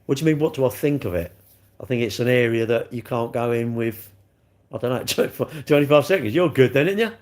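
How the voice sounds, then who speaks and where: A man's voice: mid-range voice, animated, brisk, darkish tone. A man rambling and joking as he answers chat comments on a live stream. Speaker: livestreamer reading chat.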